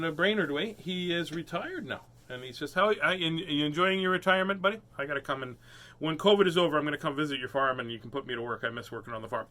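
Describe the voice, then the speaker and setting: With a slightly high voice and a sharp tone, this male host of a kids' reading live stream keeps the chat playful. He talks in a goofy sing-song and laughs a lot.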